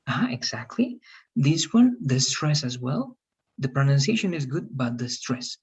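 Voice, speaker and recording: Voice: medium pitch, big pitch swings, normal speed, a little mellow, husky. An English teacher on a video call, patiently correcting students' pronunciation and encouraging them. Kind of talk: online class feedback.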